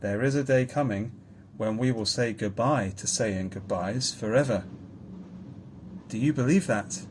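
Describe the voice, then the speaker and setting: A man voicing a gentle, steady male teacher in a children's storybook, speaking calmly and firmly. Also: mid-range voice, measured pace, slight background noise, natural voice. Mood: reassuring.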